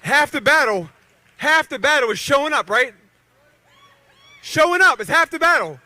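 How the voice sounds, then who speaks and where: A man's voice: extremely high pitch, animated, moderate pace, bright, forceful tone, dry recording. A man in his thirties from western Pennsylvania, a professional boxer giving a rousing rally speech with call-and-response to the crowd. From Beaver County, Pennsylvania.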